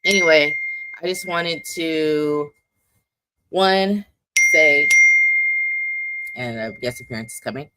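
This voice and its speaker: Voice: medium pitch, slow pace, pauses often, heavy background noise. A forty-year-old host chatting casually on a livestream, rambling and joking at their own expense. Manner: chatty, rambling and self-mocking. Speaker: host of a poetry slam's monthly livestream.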